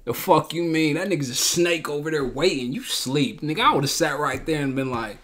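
A man's voice: a little high, expressive, fairly quick, fairly bright tone. A man hosting a show reaction, talking bluntly in profane slang and repeating himself in heated outbursts. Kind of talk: casual reaction commentary.

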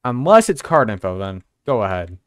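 A man's voice: fairly low pitch, big pitch swings, normal speed, clean tone, dry recording. A young man live-streaming a game, chatting casually and teasing his viewers in a joking way. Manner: joking, teasing chat banter.

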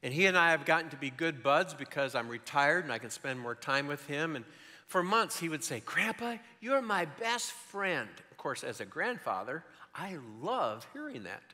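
Bright-voiced older man preaching in a hall. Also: a little high, moderate pace. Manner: animated storytelling, shifting between loud and hushed. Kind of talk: sermon.

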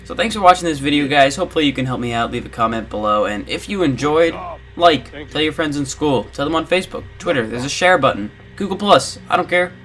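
A man's voice: a little high, animated, fast talker, few pauses, a bit bright, soft background music. A man hosting a gaming channel, rambling in casual commentary over gameplay with lots of filler words.

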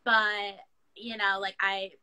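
A woman's voice: medium pitch, flat delivery, slow pace, sharp tone, clear, resonant tone, poor audio. A young woman from Michigan, talking as a guest in a casual interview, upbeat and chatty with lots of "like" and "you know". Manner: upbeat, chatty with likes and laughs. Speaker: guest blogger.

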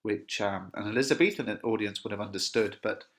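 A man from England teaching a lesson on a play. He has a bright, sharp tone. He moves between dramatic readings of the lines and easy, plain explanations. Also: lowish voice, brisk. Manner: reads lines dramatically, then explains in plain casual words. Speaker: English teacher.

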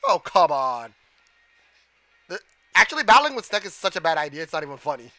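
A man streaming a game live, giving excitable commentary, gasping, shouting and swearing at the screen. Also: sits high, racing, no room sound.

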